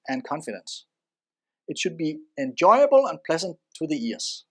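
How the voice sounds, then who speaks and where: A presenter giving a spoken lesson in instructional narration, expressive and varying loudness for emphasis. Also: mid-range voice.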